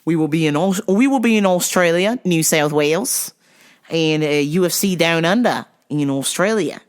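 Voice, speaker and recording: A woman's voice: sits low, animated, moderate pace. A woman hosting a podcast, ranting casually and profanely, stretching out words for emphasis and laughing between complaints. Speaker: podcast host.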